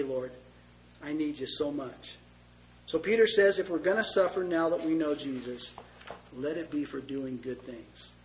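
A man preaching a conversational sermon, moving between loud emphasis and hushed, tender asides. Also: on the high side, rough recording. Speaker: pastor.

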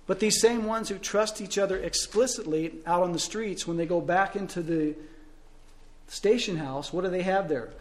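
A male pastor preaching a sermon, telling stories and asking rhetorical questions, swinging between loud and soft. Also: high-pitched, moderate pace.

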